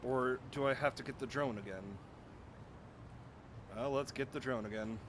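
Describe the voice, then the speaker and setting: A man's voice: mid-range voice, normal speed, background noise. A man streaming a video game, chatting casually and joking to himself as he plays. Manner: rambling, jokey, talks to himself while playing. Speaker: gaming streamer. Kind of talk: casual let's-play commentary.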